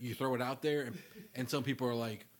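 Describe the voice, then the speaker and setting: A man's voice: mid-range voice, steady tone, fast talker. A young man co-hosting a podcast, rambling and swearing casually between laughs. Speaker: podcast co-host. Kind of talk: casual chat.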